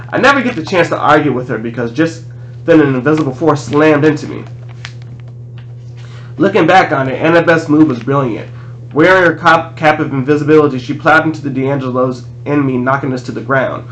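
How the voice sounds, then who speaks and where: A man reading a novel aloud in a plain, steady voice, restarting a few words now and then. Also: a little high, fairly quick, lo-fi sound, slight background noise. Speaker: audiobook reader.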